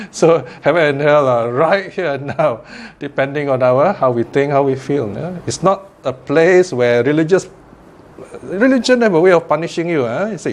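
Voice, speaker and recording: A man's voice: on the high side, animated, moderate pace. A man, a Buddhist teacher giving a chatty Dharma talk, laughing often and tossing in asides. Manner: chatty, laughs often, lots of "you know".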